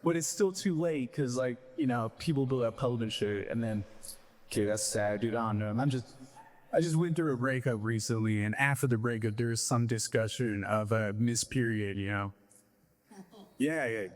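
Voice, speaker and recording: A man's voice: mid-range voice, normal speed. Rambling young stand-up comic, man. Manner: rambling, full of fillers and self-deprecating asides. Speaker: stand-up comedian. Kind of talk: stand-up set.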